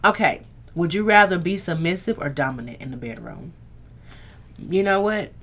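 Lady with a lowish voice chatting live to her viewers, blunt and earthy, swears a lot. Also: normal speed, a bit bright. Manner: candid and earthy, swears, talks straight to viewers. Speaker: livestream host. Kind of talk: casual live-stream chat with viewers.

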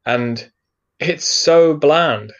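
A man's voice: a little high, very slow, highs cut off. A man casually chatting as a podcast co-host, loose and chatty with plenty of filler words. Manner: chatty, lots of likes and fillers. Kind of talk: casual chat.

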